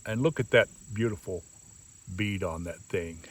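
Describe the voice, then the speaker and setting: An older man giving a casual, folksy show-and-tell review of a rifle, drawn-out and emphatic. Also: fairly low pitch. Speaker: gun reviewer. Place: outdoors in the countryside. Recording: outdoor mic some distance off, faint crickets.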